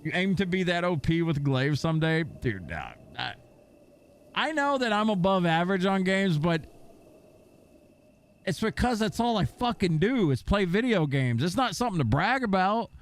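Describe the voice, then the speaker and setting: A young man streaming and chatting with viewers, telling stories in a profane, animated way and slipping into mocking impressions. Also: high voice, normal speed. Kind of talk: casual chat with stream viewers.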